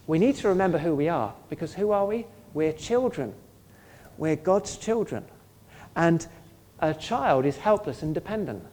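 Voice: mid-range voice, expressive, normal speed, darkish tone. A pastor preaching a sermon in an earnest, conversational way, often asking the listeners questions.

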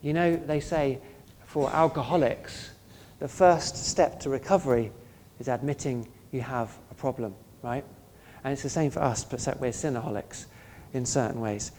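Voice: mid-range voice, normal speed, few pauses, darkish tone, slight background noise. A pastor preaching a sermon in an earnest, conversational way, often asking the listeners questions.

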